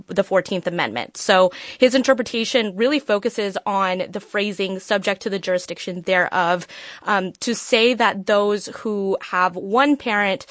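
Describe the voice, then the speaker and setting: A woman's voice: medium pitch, measured pace, a bit bright, dry recording, studio quality. A woman immigration reporter explaining a legal issue on a radio news program, thorough and using fillers like "um" and "you know". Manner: thorough, with frequent fillers and restarts.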